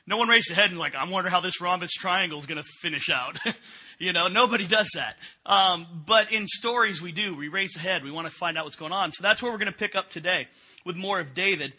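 A man's voice: high voice, bright, forceful tone, breathy edge. A middle-aged man preaching a sermon in a conversational way, often asking the congregation questions. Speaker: pastor.

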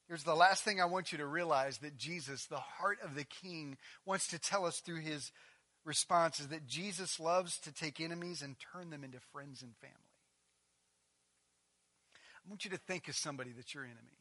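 A man preaching a sermon in a high, bright voice. He drops to a near hush, then builds to loud, emphatic peaks. When he quotes others, he slips into a casual, animated way of talking. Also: fairly quick. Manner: swings from hushed intensity to loud, emphatic preaching. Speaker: pastor.

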